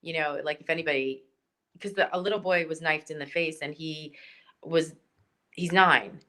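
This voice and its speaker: An animated woman tells a story as a talk show guest, rambling and peppering her speech with "like" and "um." Her voice is bright and forceful, pitched a little low for a woman. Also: normal speed. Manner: animated, rambling, many likes and ums. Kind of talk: casual storytelling chat.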